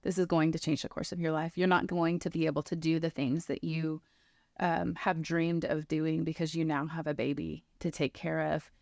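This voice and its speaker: Her voice sits low, a little mellow, delivered flat at a moderate pace in a studio-quality recording with no echo. A woman in her thirties, she tells her personal testimony earnestly and performs the dialogue others spoke to her.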